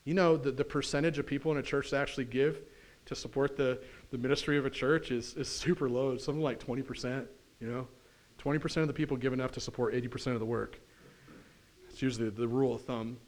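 A pastor preaching a conversational sermon in church, often putting questions to the congregation. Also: male voice, mid-range voice, steady tone, fast. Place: church sanctuary.

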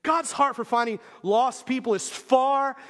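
A man preaches a sermon like a relaxed story, leaning heavily on fillers and repeatedly asking "right?" His voice is very high and a bit bright, his pace measured. Long hall reverb fills the church hall recording.

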